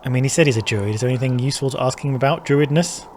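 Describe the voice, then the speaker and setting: A man's voice: mid-range voice, rapid-fire, darkish tone, a little hiss or hum. A man hosting a casual let's-play, thinking aloud, muttering and swearing as he plays. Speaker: gaming channel host.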